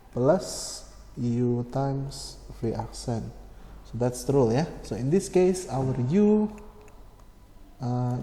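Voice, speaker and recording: A man explaining a maths problem step by step, slow and methodical, with many fillers and self-corrections. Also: mid-range voice, mellow. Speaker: maths tutor. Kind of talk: screen-recorded maths lesson. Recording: echoey room with long reverb, faint hum.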